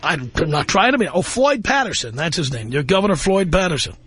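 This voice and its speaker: A man's voice: a little high, sing-song, a little fast, a bit bright, husky, dry recording. A man from New York hosting a call-in radio show, needling and condescending toward callers. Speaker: radio talk show host. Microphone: studio broadcast mic.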